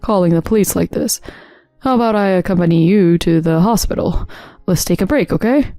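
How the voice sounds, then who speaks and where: Woman doing a guilty husband, stammering, defensive, mellow, dry close voice. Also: fairly low pitch, a little fast, dry recording, faint music behind, natural voice. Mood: nervous. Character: nervous, scheming husband, man.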